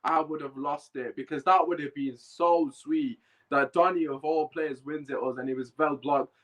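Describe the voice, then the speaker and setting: A man's voice: fairly high pitch, steady tone, moderate pace, fairly bright tone, rough recording. A man hosting a fan podcast, heated and emphatic, repeating his points, with a bad cough. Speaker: podcast host. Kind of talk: live fan podcast rant and chat.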